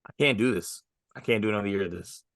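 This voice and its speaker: A young man in a casual sports podcast who questions and argues back. His low voice sounds bright, and the recording is dry and close. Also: fast talker, no echo. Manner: skeptical, pushes back. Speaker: podcast co-host.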